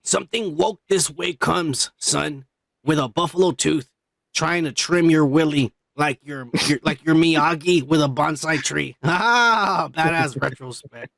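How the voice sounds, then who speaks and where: Stoned podcast dude rambling thru comments, gravelly, swears a lot, dry close sound. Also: male voice, a little high, unhurried, fairly bright tone, dry recording. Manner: rambling, profane, stoned and joking. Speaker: podcast co-host. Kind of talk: casual chat reading comments.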